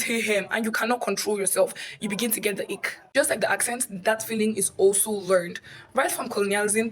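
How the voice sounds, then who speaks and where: A woman's voice: medium pitch, fairly bright tone. A woman, giving emphatic, explanatory social commentary to camera. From Nigeria. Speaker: video creator.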